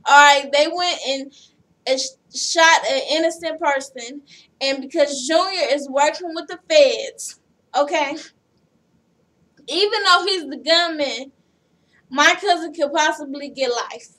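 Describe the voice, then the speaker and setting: A woman's voice: sits high, unhurried, pushed and bright, far from the mic. A woman vlogger casually recapping a reality show episode, blunt and profane as she tells the story.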